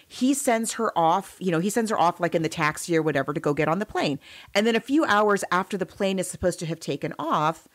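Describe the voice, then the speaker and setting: Podcast lady recapping a story, lowish voice, lots of um and starting over. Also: a little fast. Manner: animated retelling with fillers and restarts. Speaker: podcast co-host. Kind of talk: casual book-versus-movie chat.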